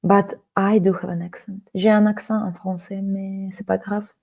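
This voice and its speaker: Her voice warm, creaky and medium-pitched, this Russian-accented woman in her forties leads a Russian lesson on a live stream at normal speed with a level tone. Originally from the Kaliningrad region of Russia, she moves between languages and reads chat messages out loud.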